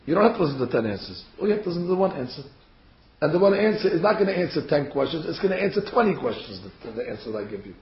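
A man teaching a Torah class, reading verses aloud and acting out the figures' words in a lively way. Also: a little high, rapid-fire. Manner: animated, acts out the figures' words. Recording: dull, echoey room.

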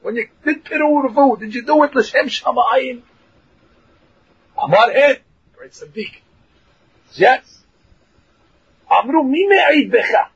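Husky animated man teaching a Torah lesson. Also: very high voice, takes it slowly, long pauses. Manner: lively, mixes Hebrew and English, acts out voices, laughs. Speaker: rabbi teaching a class. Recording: dull lo-fi recording.

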